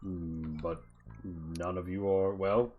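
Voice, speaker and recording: A big, gruff bugbear mercenary captain, played by a man with a very deep voice. He is blunt and boastful and sizes people up with questions. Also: steady tone, slow pace, narrow, tinny audio, a little hiss or hum.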